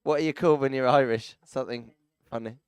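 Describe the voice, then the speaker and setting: Male arena announcer, playful and chatty, smooth higher voice, dry close mic. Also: quick pace, no echo. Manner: chatty, teasing, jokey asides to people around the arena. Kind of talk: live event commentary.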